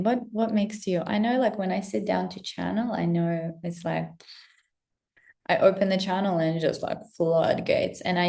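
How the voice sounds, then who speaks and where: Young female vlogger, gravelly, unscripted pep talk, candid and sweary. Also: fairly low pitch. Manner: candid, swears freely, drops to soft whispers. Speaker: spiritual coach and vlogger. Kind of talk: casual spontaneous pep talk. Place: indoors while traveling.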